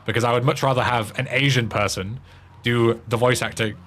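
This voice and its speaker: A man's voice: mid-range voice, fairly even intonation, fairly quick, a bit bright. An English man streaming a game, chatting casually in a rambling way with frequent swearing and restarts. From England. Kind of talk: casual chat while playing a game.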